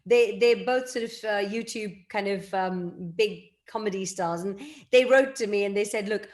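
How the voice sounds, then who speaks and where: Chatty animated actress, laughing often. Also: female voice, medium pitch, moderate pace. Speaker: actress, guest. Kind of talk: casual interview chat.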